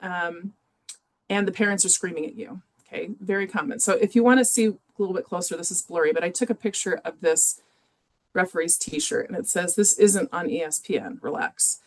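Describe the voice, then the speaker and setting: A woman's voice: lowish voice, brisk. Conversational woman giving a webinar. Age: adult with children in youth sports. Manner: conversational with frequent fillers. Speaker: webinar presenter. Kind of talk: educational webinar talk.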